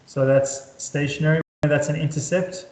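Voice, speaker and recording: A man's voice: a little high, steady tone, normal speed, darkish tone. A man tutoring calculus at a whiteboard who repeats words as he draws and keeps quizzing his student. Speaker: maths tutor. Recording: echoey room.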